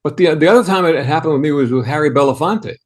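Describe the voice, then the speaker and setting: A man's voice: fairly high pitch, fast. An older man in his eighties with a Bronx accent, telling anecdotes animatedly as a podcast guest, full of restarts. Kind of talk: anecdotal storytelling.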